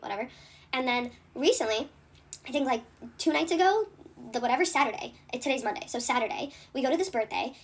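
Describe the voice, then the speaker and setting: A young woman telling a storytime rant, fast and indignant, full of fillers and swearing. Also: high-pitched, husky. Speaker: content creator.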